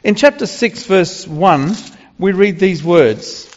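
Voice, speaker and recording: A man's voice: high voice, animated, slow pace, long reverb tail, highs cut off. An older man preaching a sermon in a loose, conversational way, full of fillers and restarts.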